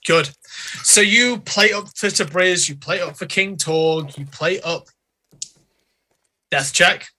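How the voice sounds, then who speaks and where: Slow, bright-voiced game master man. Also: sits high. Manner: slow, deliberate storytelling, often laughs. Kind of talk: narrating a tabletop game.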